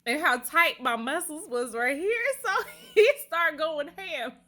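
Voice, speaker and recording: A woman with a bright, fairly high voice tells a story straight to her phone camera. She is animated and keeps breaking into laughter, chatting casually to her viewers. The handheld phone gives it a close, everyday vlog sound. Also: measured pace. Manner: animated, laughing often while telling a story. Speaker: vlogger.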